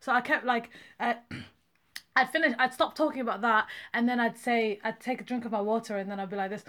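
Young woman, twenties, podcast co-host, casual chat, quick, laughing. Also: fairly high pitch. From England. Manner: storytelling, animated, laughs often.

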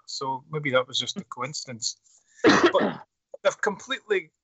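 Husky man in rambling chat. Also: fairly high pitch, fairly bright tone, no room sound. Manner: rambling, enthusiastic, many restarts. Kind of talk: casual chat. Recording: slightly dull lo-fi sound.

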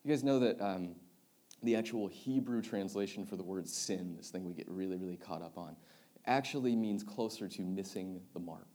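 A young man, a youth pastor, preaching a sermon built around a personal story, swinging from loud excited retelling to quiet earnest reflection. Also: low-pitched, normal speed.

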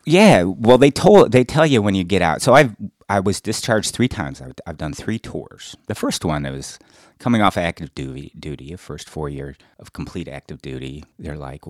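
A middle-aged man, chatting casually as a podcast co-host and telling blunt, profane stories with loud acted-out quotes. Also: sits low, lively intonation, normal speed, no echo, studio quality. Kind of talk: casual chat.

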